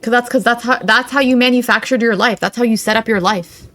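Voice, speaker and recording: A woman's voice: a little high, fast talker, fairly bright tone. A young woman hosting a reaction channel, commenting in a sarcastic, mocking way. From Arab.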